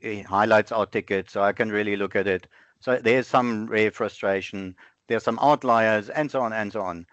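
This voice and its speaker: A man presenting a live software demo over an online webinar, thinking aloud in a conversational way and often correcting himself. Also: lowish voice, smooth, no echo. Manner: conversational, self-correcting, halting fillers. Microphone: online webinar with screen sharing. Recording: dull, dry lo-fi online call audio.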